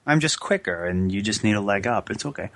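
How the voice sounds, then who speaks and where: A man's voice: lowish voice, lively intonation, fairly quick, fairly bright tone, no echo. A man co-hosting a podcast, bantering in a teasing, mock-indignant way. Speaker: podcast co-host. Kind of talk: casual chat.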